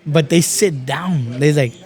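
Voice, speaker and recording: A man from Texas, a podcast guest, telling stories in a casual, animated way, swearing often and calling everyone bro. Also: on the high side, a little slow, husky, soft background music. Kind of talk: casual chat.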